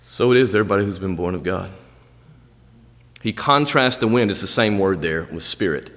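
A man preaching a sermon as a pastor, his voice jumping up on emphasis and dropping low on quiet asides. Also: brisk. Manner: animated preaching, pitch jumping high on emphasis. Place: church sanctuary. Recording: long hall reverb.

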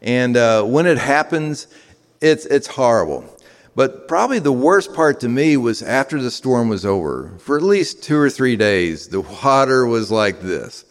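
A man's voice: medium pitch, animated, unhurried. Southern guy preaching, talks easy with lots of "you know"s, big echoey hall. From American South. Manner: conversational, with frequent fillers and restarts. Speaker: pastor. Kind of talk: sermon. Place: large room with a live audience. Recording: long reverb of a hall.

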